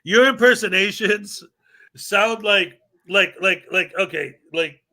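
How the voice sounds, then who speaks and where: A rambling, joking man hosts a relaxed livestream chat. His voice runs high for a man. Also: slow, creaky. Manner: rambling, joking, laughs often. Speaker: host.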